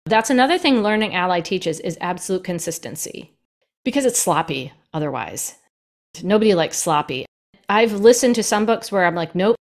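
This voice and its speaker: A woman talks quickly and with energy, like a working audiobook narrator explaining her craft. Her voice sits a touch low for a woman. The conversation is relaxed and chatty. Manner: fast, lively and animated. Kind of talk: casual podcast conversation.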